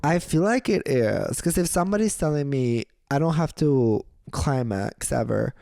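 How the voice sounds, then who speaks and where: A man's voice: mid-range voice, animated, moderate pace, vocal fry, a little mellow, no echo, clean studio sound. A man co-hosting a podcast, giving sassy, playfully petty advice in casual chat. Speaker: podcast co-host.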